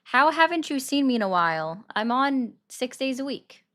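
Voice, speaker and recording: A woman's voice: sits high, big pitch swings, moderate pace, bright, forceful tone. A woman hosting a live call-in stream from her bedroom, chatting casually about the news and answering viewer comments. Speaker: livestream host taking calls. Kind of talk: casual political commentary chat. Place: bedroom at home. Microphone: desk microphone.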